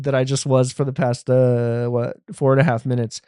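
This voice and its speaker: A man's voice: mid-range voice, a little fast, a little mellow, no room sound, studio quality. A man hosting his own solo podcast, rambling loosely and laughing between thoughts, recorded on his phone. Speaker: podcast host. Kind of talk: casual solo podcast talk.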